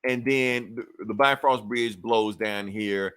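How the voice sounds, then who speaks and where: A man's voice: lowish voice, slow, a bit bright, clean tone. A man co-hosting a podcast, recapping a comic book in a loose, profane, laughing way. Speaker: podcast co-host.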